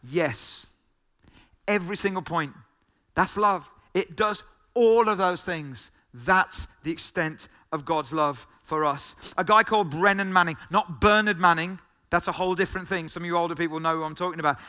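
A man delivers a sermon in a high, ringing voice. He keeps circling back to the same phrases and throws questions at the listeners. His tone stays bright and forward. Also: moderate pace. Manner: emphatic, repeats key phrases, asks the listeners questions. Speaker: pastor.

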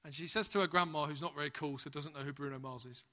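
A man's voice: fairly high pitch, fast. A man with a British accent preaching a sermon, telling stories with humour and animation. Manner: humorous, lively storyteller.

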